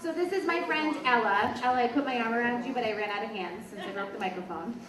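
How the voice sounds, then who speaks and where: A woman's voice: a little high, quick pace. A woman teacher presenting awards to young students at a school assembly, chatty and encouraging. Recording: echoey hall, distant, noisy.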